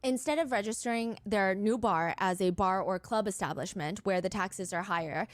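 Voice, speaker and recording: A woman narrating a true-crime story in a brisk podcast style, quoting text messages as she goes. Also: mid-range voice.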